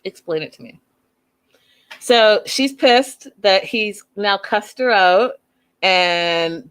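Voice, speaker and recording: A woman hosting a casual reality TV recap, chatty and animated, acting out the people she quotes. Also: mid-range voice, slow pace, clear, resonant tone. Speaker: show recap host.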